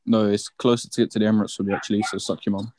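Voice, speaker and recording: Fast-talking teasing young man. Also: fairly low pitch, flat delivery, a little mellow, a little hiss or hum. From North London. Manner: teasing, swearing, repeats insults. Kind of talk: casual banter.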